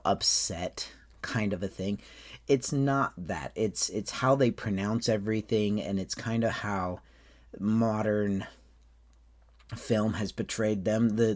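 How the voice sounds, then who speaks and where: Casting: man, lowish voice, easygoing tutorial presenter, loose and rambling. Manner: relaxed, rambling with restarts. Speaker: faire staff member teaching accents. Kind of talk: casual tutorial talk.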